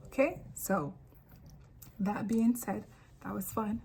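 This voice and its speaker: A woman from Africa talking straight to camera in a casual, animated monologue, full of rambling asides. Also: mid-range voice, slow, gravelly, long pauses, slightly rough, rough recording. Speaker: vlogger.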